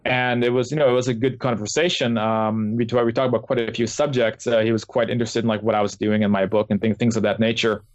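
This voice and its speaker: A man's voice: medium pitch, little pitch movement, fast talker, hardly any pauses, dry recording. A man, a guest author, telling his experiences in a casual interview with lots of fillers and restarts. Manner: rambling, with many fillers and restarts. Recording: dull lo-fi dry call audio.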